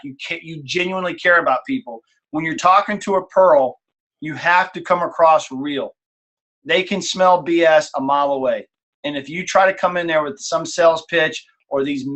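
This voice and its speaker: Animated man coaching a sales team. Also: fairly high pitch. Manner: animated, acts out examples in changing tones. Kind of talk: casual team call, coaching.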